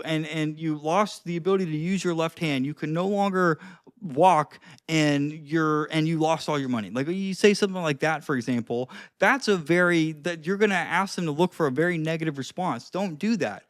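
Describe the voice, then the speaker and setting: A young man with a slightly high voice talks casually to his camera at home, recorded close and dry. He coaches on conversation, throwing in plenty of "like" and "dude" and acting out both sides of a chat. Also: dry recording. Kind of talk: casual advice monologue to camera.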